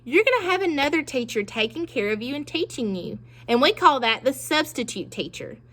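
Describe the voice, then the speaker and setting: A woman teacher giving a phonics lesson to young children, slow and encouraging, pausing for them to repeat words. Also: sits high, bright, forceful tone. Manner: slow, encouraging, with pauses for pupils to echo.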